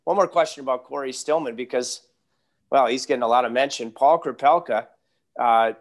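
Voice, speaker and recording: A man's voice: medium pitch, brisk. A man hosting an interview podcast, asking long questions and telling chatty anecdotes. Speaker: podcast host.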